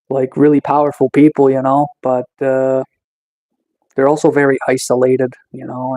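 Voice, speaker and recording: A man casually chatting on a livestream, reading chat and answering slowly with lots of fillers, just getting over a cold. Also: medium pitch, mellow, poor audio. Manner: slow, laid-back, chill delivery with many fillers. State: recovering from a cold.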